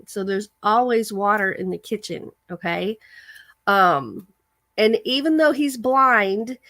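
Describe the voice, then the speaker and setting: With a mid-range, fairly bright voice, this American livestream host chats casually on a dry recording. She shares a chatty story and reads out comments from her viewers.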